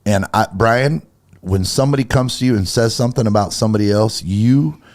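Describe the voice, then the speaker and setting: A man's voice: fairly low pitch, fairly quick, a little mellow. A man co-hosting a Christian talk show, getting heated and emphatic as he acts out little quoted conversations. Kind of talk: casual faith talk, preachy.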